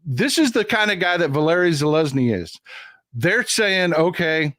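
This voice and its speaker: A man hosting a casual political chat show, rambling and animated as he tells history stories with many restarts. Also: on the high side, normal speed, dry recording, clean studio sound. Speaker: host.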